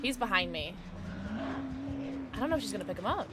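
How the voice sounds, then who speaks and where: A woman streamer chatting casually during a gameplay livestream, reacting loudly and reading chat aloud. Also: mid-range voice, fairly quick. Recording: steady background noise.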